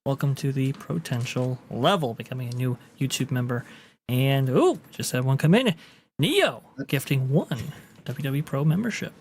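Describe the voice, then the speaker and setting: A man's voice: mid-range voice, animated, normal speed, slight background noise. A man co-hosting a live online show, eagerly promoting his upcoming episodes and explaining the topics. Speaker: co-host and podcast host. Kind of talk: casual livestream panel chat.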